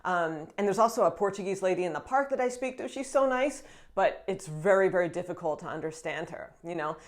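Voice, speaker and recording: A woman's voice: on the low side, animated, brisk. Woman vlogger, 30s, from the US. Casual and chatty to camera, upbeat, lots of fillers and light laughter. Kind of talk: casual vlog talk to camera.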